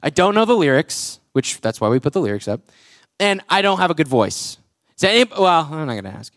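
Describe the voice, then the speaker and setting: A man's voice: fairly high pitch, sing-song, a little fast, fairly bright tone, no echo, studio quality. A young adult man preaching a casual, joking sermon to his church, full of "like" fillers. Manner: chatty, jokey, full of "like" fillers. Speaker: pastor and worship leader. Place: church auditorium with a congregation.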